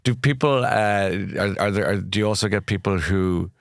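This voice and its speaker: A middle-aged Irish man hosts the interview in an encouraging, affirming way and slips in quick jokes. His voice is very deep, and the sound is close and dry. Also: no echo. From Ireland. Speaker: podcast host. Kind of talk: conversational interview.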